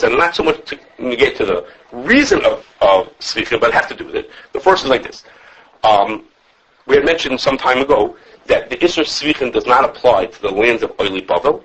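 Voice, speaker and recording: A man who teaches a class on religious law. He lectures with lively animation, thinks aloud, restarts his sentences, and quotes his sources as he takes questions from students. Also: on the high side, slightly rough, dull audio. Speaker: rabbi teaching a halacha class.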